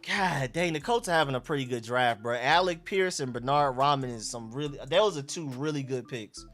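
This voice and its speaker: A man's voice: mid-range voice, normal speed, fairly bright tone, faint music behind. A young man with an Atlanta accent, hosting a casual live stream and reacting to chat and talking to his dog. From Georgia.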